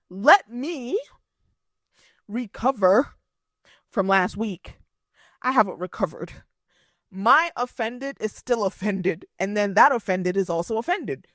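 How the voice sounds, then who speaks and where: A young woman hosting a podcast, telling a story in a sassy, animated way with playful asides. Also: a little high, slow, pauses often, dry recording, studio quality. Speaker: podcast host.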